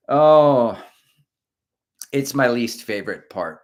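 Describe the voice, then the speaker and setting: A man's voice: medium pitch, slow pace. A middle-aged man hosting a casual livestream, rambling and chatty as he reads out viewer comments. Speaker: host of a running livestream.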